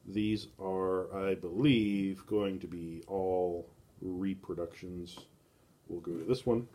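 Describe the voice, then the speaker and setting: Male streamer, lowish voice, casual rambling monologue, filler-heavy. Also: steady tone, slow, dark tone. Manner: rambling, thinking aloud with many fillers. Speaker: streamer browsing estate sale listings. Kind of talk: casual live-stream musing.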